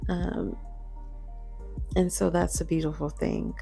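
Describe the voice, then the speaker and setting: Slow, hushed, gravelly woman in her forties. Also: on the low side, animated, soft background music. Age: 40s. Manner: hushed, half-whispering, slow and reflective. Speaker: podcast host. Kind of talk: late-night solo podcast talk. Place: home at night.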